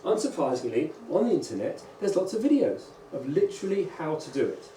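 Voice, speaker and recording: A man, a rabbi, giving a lively conference lecture to teachers and often checking in with "right?" and "okay?". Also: on the high side, a little fast. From England. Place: large lecture hall. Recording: echoey hall, distant mic, faint hum.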